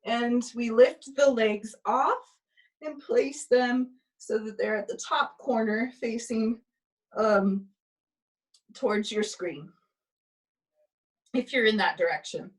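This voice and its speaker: A tired woman leads a pilates class with slow, steady cues and counts. Her voice sits a little high. She is heard from a few steps away in an indoor studio. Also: distant mic, low-quality recording. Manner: calm step-by-step cueing with counts. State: tired, yawning. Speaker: pilates instructor. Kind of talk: guided exercise instruction. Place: indoor exercise space.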